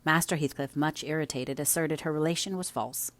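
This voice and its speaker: A woman narrating a classic novel as an audiobook reader, in measured storytelling. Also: low-pitched, no echo.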